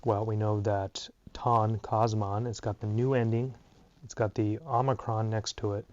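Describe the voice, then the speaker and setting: A man's voice: fairly low pitch, steady tone, moderate pace, a little mellow. A tired man teaching a casual Greek grammar lesson, thinking aloud with plenty of ums and uhs. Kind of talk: unscripted lesson. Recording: dull lo-fi recording.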